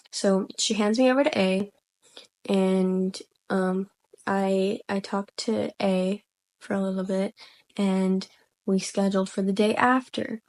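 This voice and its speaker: A soft-spoken young woman casually telling a personal story, rambling and hesitant with lots of fillers. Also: mid-range voice, flat delivery, a little slow. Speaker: vlogger.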